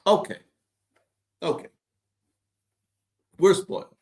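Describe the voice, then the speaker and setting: A man's voice: slow pace, a little mellow. A man hosting a sports podcast, ranting with sarcastic, exasperated, profane commentary. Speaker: podcast host.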